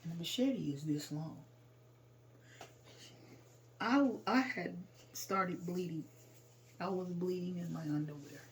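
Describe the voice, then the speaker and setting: A woman tells a painful story from her own life in plain, informal speech. Her talk is raw and emotional, and she rises to loud outbursts when she relives the worst moments. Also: lowish voice, slow, pauses often, a little hiss or hum. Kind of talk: personal storytelling.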